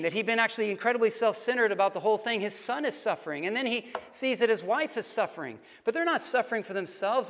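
A man with a notably high voice earnestly retells a novel to his listeners, leaning on "like" as a filler. His words ring out with the long reverb of a large hall. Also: a bit bright. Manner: earnest storyteller, frequent "like" fillers.

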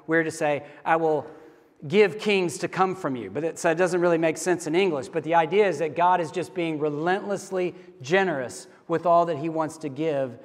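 Man, middle-aged, pastor, conversational sermon, higher pitch, long reverb. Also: normal speed. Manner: conversational, candid storytelling.

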